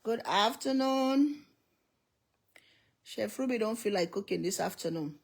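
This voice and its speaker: A woman's voice: fairly high pitch, lively intonation, measured pace, creaky, husky. Chatty middle-aged woman hosting a livestream. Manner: laughs often, calls out viewer names one by one. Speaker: livestream host greeting viewers. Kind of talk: casual livestream chat. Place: home.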